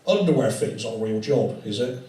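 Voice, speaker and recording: A man's voice: mid-range voice, lively intonation, a little fast, crowd noise. A male comedian doing live stand-up in a tattoo studio, rambling and swearing freely in a conversational way. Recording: echoey room, distant mic, audience laughter.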